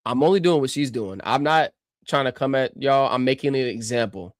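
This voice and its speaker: A man's voice: medium pitch, moderate pace, dry recording. Male streamer, combative reaction rant, mocking, dry and close. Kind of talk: ranting reaction commentary.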